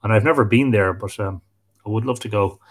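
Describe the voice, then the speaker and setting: Speaking in a lowish voice at a fairly brisk clip, a man from Ireland runs a casual live stream, reading out comments and welcoming each viewer by name.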